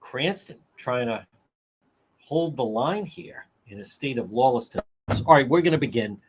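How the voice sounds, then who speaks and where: Husky, lively talk radio man. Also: medium pitch, moderate pace. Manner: rambling, repeats phrases for emphasis. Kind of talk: live talk radio livestream.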